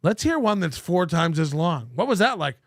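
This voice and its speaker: A man's voice: fairly high pitch, sing-song, moderate pace, no room sound, clean studio sound. A man hosting a show, reacting to clips with sarcastic, profane commentary and frequent laughs.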